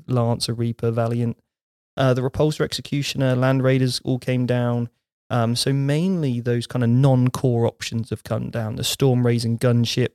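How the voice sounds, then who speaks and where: A man's voice: mid-range voice, a little mellow, dry recording, clean studio sound. A man co-hosting a casual gaming talk show, rambling through lists and correcting himself as he goes. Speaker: podcast co-host. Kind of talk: casual chat about tabletop gaming.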